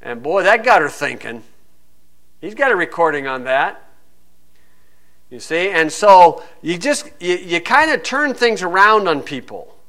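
A man's voice: high voice, very animated, a little slow, pushed and bright. A man preaching a sermon, full of rhetorical questions, acting out hecklers and reading scripture aloud.

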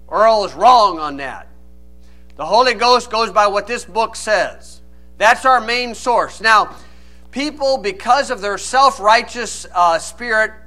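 High, bright-voiced male preacher. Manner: reads scripture then explains in plain folksy asides. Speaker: pastor. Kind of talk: sermon.

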